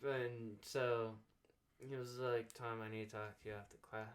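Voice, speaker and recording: A man's voice: mid-range voice, little pitch movement, moderate pace. A young man hosting a casual podcast, telling a long school anecdote with lots of fillers and acted-out dialogue. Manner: rambling anecdote full of "like" fillers, acting out quoted dialogue. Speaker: podcast host. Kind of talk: casual storytelling chat.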